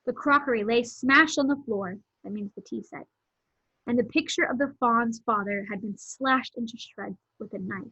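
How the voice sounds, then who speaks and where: A woman reads a novel aloud and stops now and then to explain things plainly. Her voice is breathy and slightly high. The dull, dry recording sounds lo-fi. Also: bright, forceful tone, no room sound. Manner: pauses to explain words and events simply. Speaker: read-aloud narrator.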